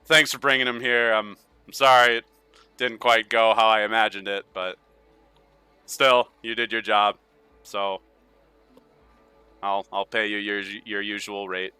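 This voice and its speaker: A man voicing a weary, practical noblewoman who speaks softly and apologetically. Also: lowish voice, fairly even intonation, unhurried, long pauses, clear, resonant tone, no room sound, soft background music. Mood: soothing.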